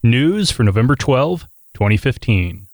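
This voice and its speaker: A man's voice: mid-range voice, sing-song, a little slow, no room sound. A man hosting a podcast in casual chat, joking and talking with frequent fillers into a studio mic. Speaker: podcast host.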